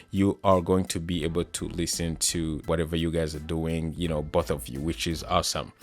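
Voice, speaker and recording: Low-voiced man casually reviewing gear. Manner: casual, filler-heavy explaining. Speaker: tech reviewer.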